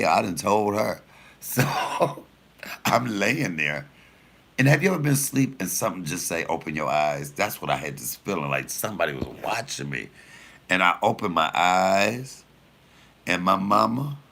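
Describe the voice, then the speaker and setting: A man in his fifties, a comedian, telling a rowdy story in an animated way, acting out the quotes and swearing freely. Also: deep voice, vocal fry. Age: 50s. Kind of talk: storytelling during a cooking chat.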